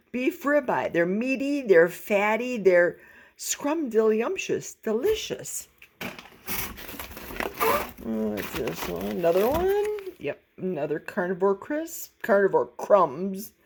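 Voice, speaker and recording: A woman chatting casually through an unboxing vlog, folksy and playful, with cheerful exclamations and handheld camera. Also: mid-range voice. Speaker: vlogger. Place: home in a forest.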